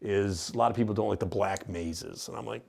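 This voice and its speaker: A man's voice: fairly low pitch, brisk, gravelly, a little mellow, husky. A man who owns a haunted house, casually explaining it on a tour with lots of fillers and restarts. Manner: rambling, with many fillers and restarts. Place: inside an old industrial building.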